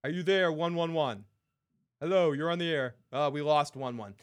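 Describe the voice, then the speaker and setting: A high-pitched man hosting a call-in show, talking fast and excitably. He swears often and gets loud when worked up. He is close to tears, and his emotion cracks through. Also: clear, resonant tone. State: near tears. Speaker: podcast host.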